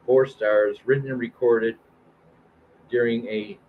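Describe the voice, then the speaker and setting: A man's voice: medium pitch, steady tone, slow, narrow, tinny audio, slight background noise. A man in his fifties hosting a live-stream show, reading new album reviews aloud with plenty of "uh" and "um" and restarts. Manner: reads album blurbs aloud with fillers and restarts.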